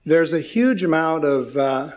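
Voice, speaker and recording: A man explaining in detail, pausing on fillers. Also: a little high, lively intonation, darkish tone, dull audio.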